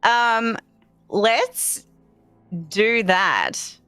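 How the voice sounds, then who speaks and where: Playful woman player, lively pitch. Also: very slow, clear, resonant tone, no room sound, soft background music. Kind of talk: casual game table chat.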